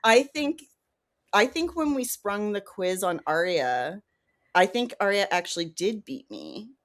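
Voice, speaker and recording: A woman co-hosting a casual podcast who explains her views in a measured, thoughtful way. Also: mid-range voice, very animated. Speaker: podcast co-host.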